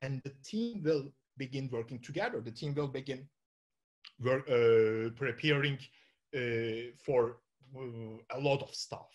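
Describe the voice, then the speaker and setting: A man's voice: medium pitch, measured pace. A man with a Turkish accent giving an informal talk to an audience, thinking aloud and often restarting his sentences with fillers. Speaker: conference speaker.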